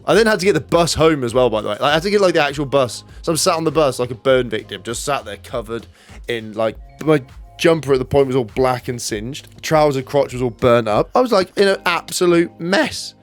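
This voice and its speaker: A man telling a self-mocking storytime tale in a casual vlog, animated and joking at his own expense. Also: mid-range voice. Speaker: gaming YouTuber.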